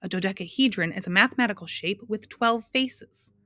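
A woman's voice: medium pitch, brisk, dry recording, natural voice. A woman doing the fussy lecturing Dodecahedron. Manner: precise, lecturing and excitable. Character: fussy male twelve-faced math creature. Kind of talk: storybook reading.

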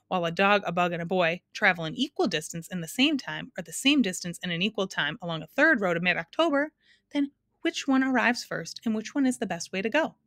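A prim, excitable male creature of twelve faces lectures in exact, numbers-heavy sentences, as a woman reads him aloud. The voice sits higher than usual, bright and crisp. The storybook reading is recorded close and dry. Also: dry recording. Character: fussy male twelve-faced math creature.

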